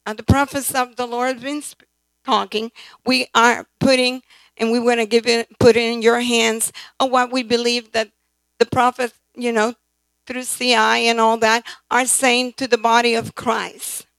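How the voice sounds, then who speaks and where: A woman's voice: a little high, flat delivery, normal speed, fairly bright tone, no echo, rough recording. A woman preacher delivering a sermon, emphatic, often calling out "right?" and "amen?" to the congregation. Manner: emphatic, calls for responses from the congregation.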